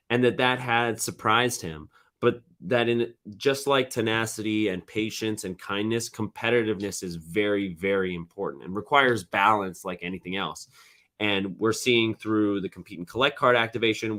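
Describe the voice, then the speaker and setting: A man's voice: fairly low pitch, a bit bright. A man hosting a podcast, talking casually on his own with frequent fillers and restarts. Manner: conversational, many fillers and restarts. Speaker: podcast host. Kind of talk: casual solo commentary.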